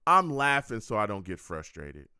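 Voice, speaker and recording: A man's voice: fairly low pitch, very animated, normal speed, sharp tone, clean tone, no echo, clean studio sound. A man hosting a live football game reaction stream, groaning and exasperated as he reacts and reads chat comments.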